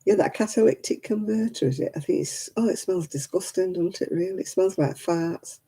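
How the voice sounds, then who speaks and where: A tired woman hosting a casual livestream and chatting away to her viewers. Her voice is very dark and mellow, with a husky, breathy edge. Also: on the low side, a little fast. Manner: chatty, talks to viewers by name. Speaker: livestream host.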